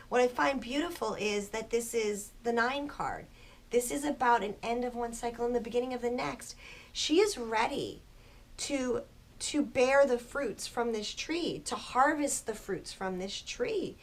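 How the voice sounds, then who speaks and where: A woman giving a casual tarot reading to her viewers, earnest and soft-spoken, with a spiritual tone and frequent filler words. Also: a little high, normal speed. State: just woken early in the morning. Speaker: tarot reader.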